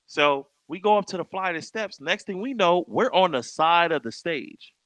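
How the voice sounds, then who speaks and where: Young male host, bright tense tone, dry close sound, lively storyteller who voices the people in his tale. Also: a little high, moderate pace, no room sound. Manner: animated, acts out quoted dialogue. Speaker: podcast host. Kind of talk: casual storytelling chat.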